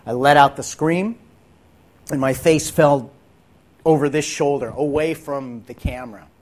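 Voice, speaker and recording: A man, an actor, telling a dramatic faith testimony about a film role, often dropping into hushed whispers. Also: on the high side, measured pace. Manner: intense, drops to hushed whispers at moments. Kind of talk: dramatic personal storytelling.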